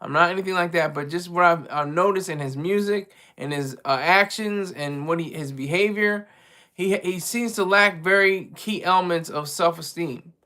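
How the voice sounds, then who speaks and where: A man with a high, bright voice talks casually on a home livestream. He rambles and restarts his sentences often. He keeps putting himself down. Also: normal speed. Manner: rambling, self-deprecating, many restarts. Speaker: livestream co-host and regular caller.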